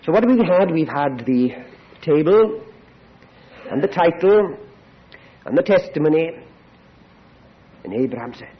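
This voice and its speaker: A man preaching a sermon from Britain, animated, dropping to a hush and then rising into loud, repeated exhortations. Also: a little high, unhurried, long pauses. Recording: dull lo-fi sermon recording.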